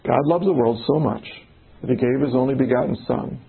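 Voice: mid-range voice, brisk, creaky, slightly rough, narrow, tinny audio. A Bible study leader explaining word meanings and putting questions to the group in a casual discussion.

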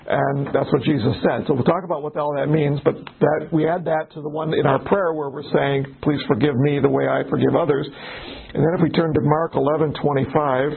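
A pastor guides an informal Bible study, chatty in manner, restarting often and playing out little conversations. His voice is fairly high, gravelly and slightly rough, steady in tone and a little fast. The audio sounds narrow and tinny.

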